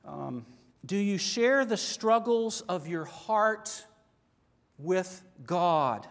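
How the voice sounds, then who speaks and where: Preaching in a long, echoing church hall, a middle-aged man speaks in a high, light voice that is also gravelly. He is earnest, expressive, and conversational, moving extremely slowly and often asking his listeners questions.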